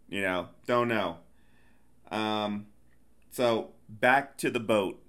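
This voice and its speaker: A man co-hosting a casual movie review podcast, retelling scenes in an animated way and putting on voices for the characters. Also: fairly low pitch, drawn-out words, pauses often. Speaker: podcast co-host, the father.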